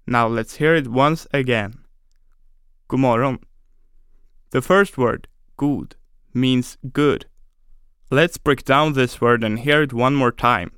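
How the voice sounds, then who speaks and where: A man teaching a scripted language lesson, speaking slowly and deliberately and repeating words syllable by syllable for pronunciation drills. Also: mid-range voice, a bit bright, smooth, dry recording, clean studio sound.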